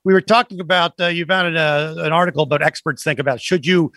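Man co-host, higher voice, dry studio sound, halting and filler-heavy. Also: fairly bright tone, no echo. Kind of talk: casual chat.

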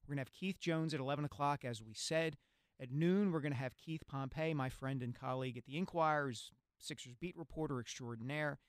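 A man hosting a sports talk radio show, articulate and brisk, on a studio microphone. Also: on the high side, clean tone, no room sound.

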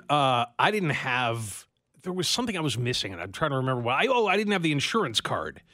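A man's voice: medium pitch, very animated, fairly quick, pushed and bright, dry recording. Man talking radio chat, dry sound. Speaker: radio host. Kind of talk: casual talk radio chat.

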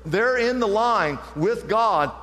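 A man's voice: high voice, animated, slow pace, fairly bright tone, big-room sound. A male pastor preaching an impassioned sermon, building each point to a repeated refrain.

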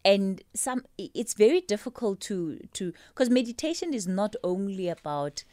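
A woman host interviewing a guest, softly backing her with "mm"s and summing up her points. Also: medium pitch, animated, moderate pace. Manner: gives frequent soft backchannel "mm"s, restates the guest's points. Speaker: radio host.

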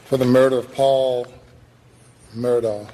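Male judge, slow formal sentencing, mid pitch, faint noise behind. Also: little pitch movement, warm tone, poor audio. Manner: very slow, deliberate delivery.

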